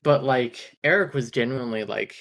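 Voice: moderate pace, creaky, a bit bright. A podcast co-host chatting casually about a book, ranting, swearing and laughing. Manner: swears freely, ranting and laughing, mid-pitch.

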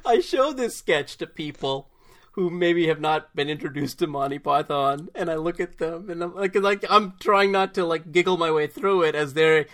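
A man co-hosting a podcast in casual chat, animated and giggly as he retells comedy. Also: a little high, normal speed. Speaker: podcast co-host. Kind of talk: casual chat about films.

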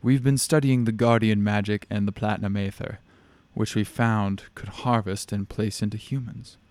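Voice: medium pitch, steady tone, moderate pace, a little mellow, no room sound, close to an everyday voice. A man voicing an alien captor who explains its origins in a formal, cold way.

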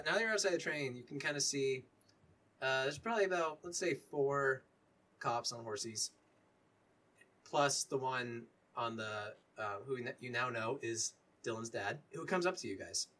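A man's voice: medium pitch, moderate pace, sharp tone, distant mic. A man narrating a tabletop game as game master, loose and rambling.

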